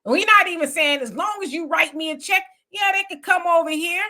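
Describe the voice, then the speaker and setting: A middle-aged woman with a Southern US accent from Houston, hosting a casual political commentary and telling stories in an animated, colloquial, heated way. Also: extremely high pitch, fairly quick. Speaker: host.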